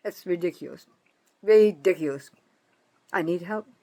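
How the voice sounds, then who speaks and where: A woman's voice: fairly low pitch, measured pace, warm tone. Woman in her seventies ranting to camera, mad and cussing, keeps repeating herself. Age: 70s. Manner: angry, profane, accusatory; emphatic, repeats herself for stress. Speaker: citizen vlogger. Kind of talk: ranting political monologue.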